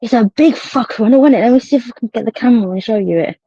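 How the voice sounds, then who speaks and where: A woman's voice: a little high, rapid-fire, warm tone, breathy edge, no echo, lo-fi sound. A woman hosting a live stream, chatting casually, swearing freely as she tells stories. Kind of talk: casual chat. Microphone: phone on a live stream.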